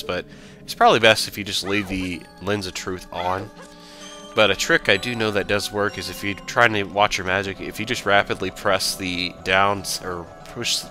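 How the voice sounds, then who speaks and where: A man's voice: low-pitched, pushed and bright. A man casually commenting on a video game he plays, rambling, joking and correcting himself. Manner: rambling, jokey, self-correcting. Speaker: let's play host.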